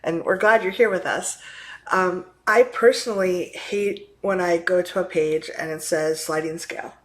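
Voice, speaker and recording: A woman's voice: on the low side, moderate pace, rough recording. A middle-aged woman co-hosting a casual advice chat, thinking aloud hesitantly with many fillers. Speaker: co-host.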